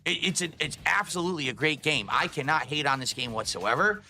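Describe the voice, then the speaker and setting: A man's voice: fairly high pitch, lively intonation, fairly quick, bright, forceful tone, slight background noise. A man, a gaming streamer, ranting angrily about games he played, swearing often and sounding fed up. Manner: angry, swearing, exasperated rants. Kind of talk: ranting game review over gameplay clips.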